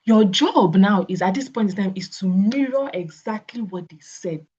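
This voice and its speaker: A woman's voice: medium pitch, normal speed, breathy edge. Nigerian woman coaching, acting out dialogues. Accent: Nigerian English. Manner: animated, acts out both sides of conversations. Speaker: network marketing coach. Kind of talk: coaching talk with acted example dialogues. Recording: slightly dull lo-fi audio.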